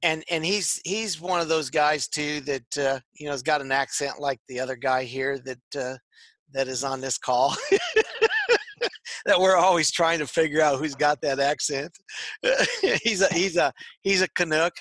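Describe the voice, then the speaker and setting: Male co-host, casual and rambling, crisp bright tone, dry close sound. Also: a little high, moderate pace, no echo. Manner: rambling, repeats words often. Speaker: podcast co-host. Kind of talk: casual chat. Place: tech shop.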